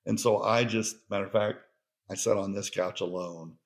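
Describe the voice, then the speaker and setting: A man's voice: on the low side, steady tone, normal speed. A middle-aged man hosting a podcast, talking in an earnest, heartfelt monologue. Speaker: podcast host.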